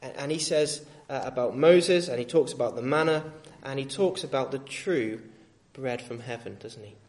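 A male street preacher giving a sermon in a gentle, reasoning tone, with frequent fillers and restarts. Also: medium pitch, moderate pace.

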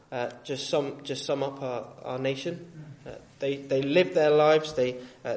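A male street preacher giving a sermon in a gentle, reasoning tone, with frequent fillers and restarts. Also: medium pitch.

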